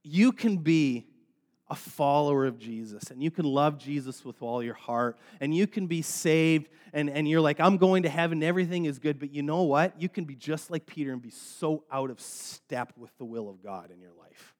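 A man's voice: a little high, normal speed, darkish tone, long reverb tail. A man pastor delivering a sermon to his congregation, emphatic and repetitive, building in rising phrases.

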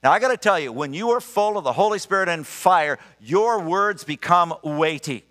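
A middle-aged man preaching a sermon, telling stories in an animated, emphatic and earnest way. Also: high voice, normal speed. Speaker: pastor. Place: church sanctuary. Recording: long reverb of a large church hall.

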